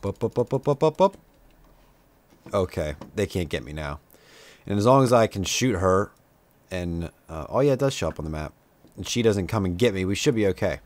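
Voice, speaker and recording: Speaking fairly quickly in a low, lively voice with no room sound, this young man narrates a video game in a relaxed let's-play style. His chatter is self-deprecating and now and then erupts at the enemies on screen.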